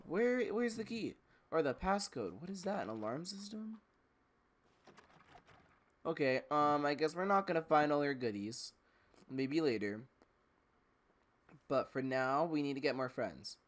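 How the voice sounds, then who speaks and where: A man doing casual let's-play commentary, joking, swearing and laughing to himself as he plays. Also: medium pitch. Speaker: gamer.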